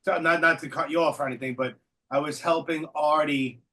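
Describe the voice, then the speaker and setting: A man hosting a casual interview, chatty and quick to jump in. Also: a little high, steady tone, sharp tone. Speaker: podcast host.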